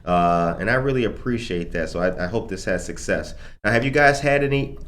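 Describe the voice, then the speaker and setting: A man hosting a podcast interview, chatty and affirming with quick interjections. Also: lowish voice, a bit bright. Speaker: podcast host. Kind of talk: casual interview.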